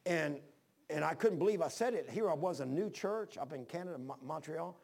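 His voice sits on the high side, expressive and fairly quick, gravelly yet a little mellow. The man preaches a rambling, down-home sermon, telling personal stories, often beginning sentences again and reading scripture in archaic wording.

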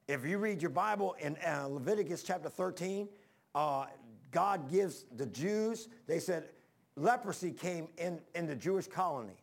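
Male preacher, folksy and rambling, gravelly voice pitched a little high. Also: animated, moderate pace. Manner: folksy, rambling, talks straight to the congregation. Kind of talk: sermon.

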